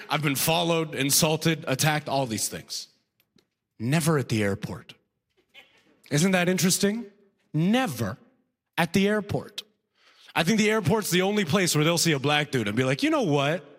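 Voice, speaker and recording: Chatty stand-up comic, slightly high voice. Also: male voice, animated, a little slow, long pauses, fairly bright tone, big-room sound. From Sudan. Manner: conversational, self-deprecating, frequent "right?" tags and laughs. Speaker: stand-up comedian. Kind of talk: stand-up comedy set. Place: comedy club stage before a live audience.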